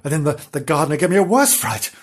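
A woman's voice: sits low, very animated, breathy edge, exaggerated voice. A woman voicing a chatty, scheming female cat who stumbles and restarts her sentences. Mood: fretful. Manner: halting, restarts mid-sentence.

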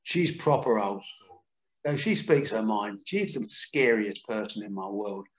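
A man's voice: lowish voice, animated, measured pace, echoey room. An older man telling candid, earthy stories as a guest in an interview. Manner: candid, earthy, acts out quotes. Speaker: boxing promoter. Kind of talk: anecdotal interview storytelling.

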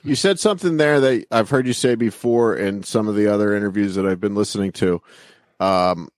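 A man hosting a podcast who asks casual interview questions in a hesitant, halting way. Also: lowish voice, no echo. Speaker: podcast host.

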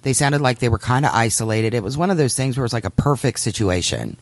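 A man's voice: medium pitch, big pitch swings, fast, no room sound. A man co-hosting a casual podcast, musing and repeating himself as he works through his thoughts. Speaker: podcast co-host. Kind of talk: casual chat.

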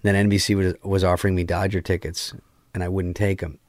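A man's voice: deep voice, fairly quick, dry recording, studio quality. A man, a film director on as a guest, telling a long story in a casual interview, swearing a lot and acting out the lines of the people in it. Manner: animated, profane, acts out quoted dialogue.

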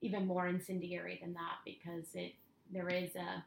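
A female podcast co-host chats casually and opinionatedly, dropping "like" constantly. Her voice is fairly low, monotone and creaky at a moderate pace, captured in an echoey room on a rough recording.

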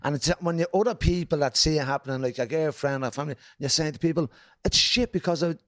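A man's voice: fairly high pitch, fast, fairly bright tone, no echo, clean studio sound. A man with a Dublin accent, a comedian guest telling stories in casual chat, swearing freely and acting out quotes. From Ireland.

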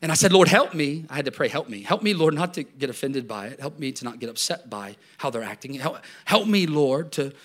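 A middle-aged man preaching a sermon as pastor, talking conversationally and swinging between loud bursts and hushed asides, often restarting and repeating words. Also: medium pitch, sing-song, fairly quick, few pauses.

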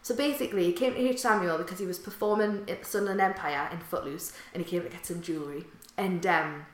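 A woman's voice: on the low side, fast. A young woman, chatting and telling anecdotes as a podcast co-host, laughing often. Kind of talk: casual chat and anecdote. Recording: echoey room.

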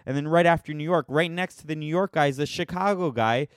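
A man's voice: fairly high pitch, quick pace, no room sound, studio quality. A man ranting casually to his viewers, sarcastic and rambling, poking fun at himself. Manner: sarcastic, rambling, self-mocking. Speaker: vlogger. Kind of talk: casual opinion rant.

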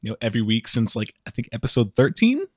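A man's voice: medium pitch, wildly swooping pitch, quick pace, a little mellow, no room sound, studio quality. A man hosting his podcast in casual chat, rambling with many restarts, his voice a bit muffled as he chews food. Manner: rambling, restarts a lot, chuckles. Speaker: podcast host.

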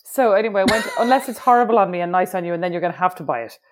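A woman's voice: fairly low pitch, expressive, racing. A woman co-hosting a casual podcast chat, teasing and laughing, with frequent gasps. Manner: teasing, laughing, gasping reactions. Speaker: podcast co-host. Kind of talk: casual chat between sisters.

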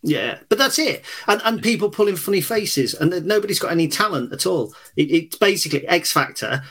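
A man's voice: sits high, lively intonation, a little fast, a bit bright, breathy edge. A man co-hosting a football podcast, blunt and contrarian in a sarcastic way. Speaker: podcast co-host. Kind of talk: casual chat.

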